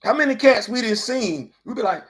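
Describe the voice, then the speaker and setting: High-voiced man ranting about sports. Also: brisk. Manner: animated, rhetorical questions, colloquial. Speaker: host. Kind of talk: casual opinion commentary.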